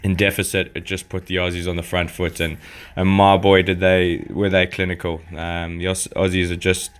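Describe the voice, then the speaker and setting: A man's voice: sits low, flat delivery, moderate pace, smooth. A South African man chatting casually about cricket, hesitant and full of ums, doing a broad put-on Australian accent. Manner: hesitant, many ums and restarts. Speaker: podcast co-host. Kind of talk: casual sports chat.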